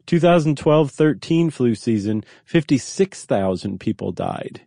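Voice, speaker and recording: A man's voice: medium pitch, animated, a little slow, vocal fry, dark tone, dry recording, clean studio sound. Curious man explaining. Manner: curious, explanatory, frequent fillers. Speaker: podcast co-host. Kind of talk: casual conversational chat.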